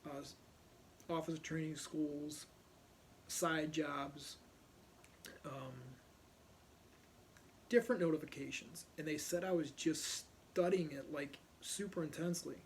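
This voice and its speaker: A man's voice: fairly high pitch, fairly even intonation, measured pace, pauses often, slight background noise. A middle-aged man from Ohio, a police officer, casually telling a personal story and animatedly acting out other people's lines.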